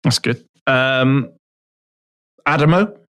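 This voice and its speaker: A man's voice: mid-range voice, takes it slowly, a bit bright. A man co-hosting a podcast, chatting casually with dry, laid-back ribbing. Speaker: podcast co-host. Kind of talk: casual chat.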